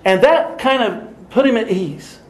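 Animated older male preacher, high voice. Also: measured pace, reverberant, rough recording. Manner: animated, laughing often, acting out dialogue. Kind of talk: sermon with storytelling.

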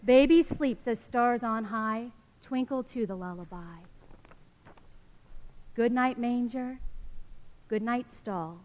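A woman reading a children's picture book aloud to a church congregation, in a gentle, sing-song storybook manner. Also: on the high side, takes it slowly, pauses often. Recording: long reverb of a church hall.

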